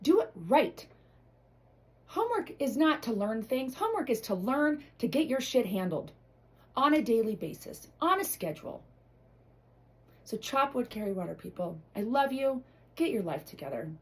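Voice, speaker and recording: Fiery, animated woman giving a pep talk. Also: on the high side, normal speed, low-quality recording. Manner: blunt, emotional, swears freely. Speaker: motivational vlogger. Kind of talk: impassioned motivational monologue.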